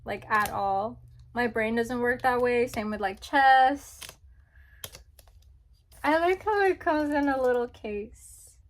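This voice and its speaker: A young woman chatting casually as she unboxes albums, gushing and squealing with excitement. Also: on the high side, takes it slowly.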